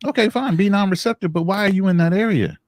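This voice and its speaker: A man's voice: sits high, fast, no echo. Man ranting in disbelief, dry close mic. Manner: heated, incredulous ranting. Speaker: podcast host. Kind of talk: casual chat.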